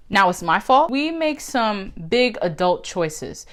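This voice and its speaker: A woman ranting casually to her camera, loud and profane. Her voice leaps high when she gets worked up, then drops low and quiet. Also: a little slow, few pauses. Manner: animated, profane, ranting with big pitch jumps. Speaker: video creator. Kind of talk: casual commentary vlog.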